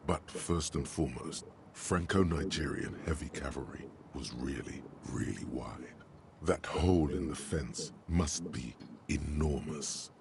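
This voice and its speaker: A man voicing the wry, grandiose second-person narrator of a detective game, deep and gravelly. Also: unhurried, heavily acted. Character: omniscient inner voice of a detective, male, ironic. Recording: game audio with noticeable background noise.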